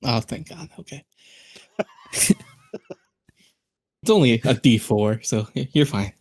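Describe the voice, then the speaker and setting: Husky, animated male player. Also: medium pitch, slow pace. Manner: laughing, loose and chatty. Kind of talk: casual tabletop play.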